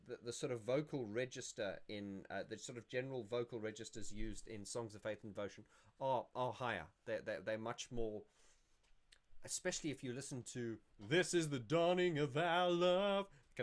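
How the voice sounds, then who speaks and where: A man's voice: mid-range voice, moderate pace. A man hosting a casual livestream, answering viewer questions in a rambling, self-correcting way. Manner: rambling and self-correcting, sings snippets to illustrate.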